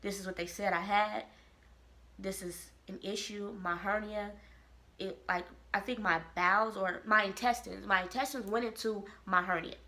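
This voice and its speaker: A woman from Kansas City, telling a personal story to camera in a lively, expressive way. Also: mid-range voice, normal speed. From Kansas City, Missouri. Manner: animated, expressive storytelling with quoted voices. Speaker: vlogger. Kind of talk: casual storytelling.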